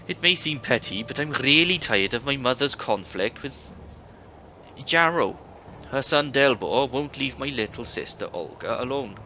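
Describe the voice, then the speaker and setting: A short-tempered villager. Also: male voice, mid-range voice, lively intonation, unhurried, bright, forceful tone. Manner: weary, slightly irritable. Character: harried male villager, short-tempered brother. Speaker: game character. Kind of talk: video game voice acting. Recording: dull game audio with faint hiss.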